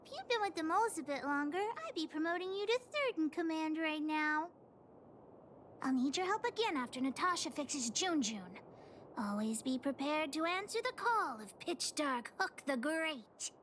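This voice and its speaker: A woman's voice: high-pitched, sing-song, normal speed, fairly bright tone, a little hiss or hum. Bossy little girl gang leader. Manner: bossy and playful. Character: bratty young girl leader of a mole gang. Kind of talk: game character dialogue.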